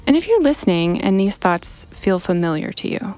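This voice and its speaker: A woman co-hosting a podcast and speaking as a clinician, explaining calmly and steadily with frequent "you know" fillers. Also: mid-range voice, normal speed, no echo, faint music behind. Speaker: podcast co-host and mental health clinician. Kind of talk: casual faith-based discussion.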